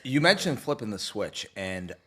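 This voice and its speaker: Animated, joking male talk show host. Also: fairly low pitch, slightly rough. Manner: jokey, quick to act out movie scenes. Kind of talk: casual studio chat. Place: TV studio.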